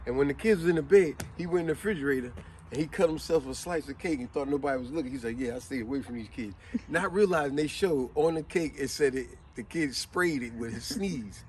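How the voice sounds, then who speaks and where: A man hosting a casual vlog in an easygoing, explanatory way. His voice sits high and moves around a lot. He tells stories animatedly and acts out the quotes and sneezes. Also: a little hiss or hum. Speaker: vlog host.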